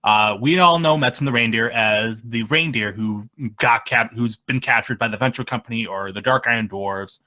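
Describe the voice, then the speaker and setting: A man being interviewed about his machinima videos, talking in a rambling, halting way that trails off mid-sentence. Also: mid-range voice, sharp tone. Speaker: machinima creator, interview guest. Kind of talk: casual interview chat.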